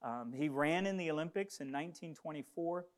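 Impassioned male preacher, slightly high voice. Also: fairly quick. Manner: impassioned, call-and-response with the congregation. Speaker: pastor. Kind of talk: sermon with storytelling.

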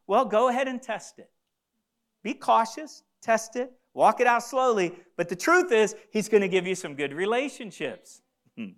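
A man preaching a sermon as pastor in a church, stumbling into restarts and moving between loud emphasis and hushed asides. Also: high-pitched, animated, normal speed. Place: church building with congregation.

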